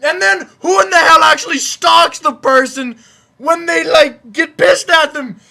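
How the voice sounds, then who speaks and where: A young man, a college student, giving an angry profane rant, shouting and exasperated. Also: very high-pitched, unhurried, vocal fry. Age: young adult. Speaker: ranting vlogger.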